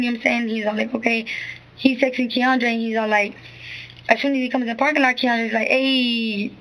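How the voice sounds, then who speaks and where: This witness's voice sits a little high and sounds a bit bright, though the audio is poor. Speaking street slang, she rambles through her account of events to an interviewer, repeating herself and often tossing in "you know what I'm saying."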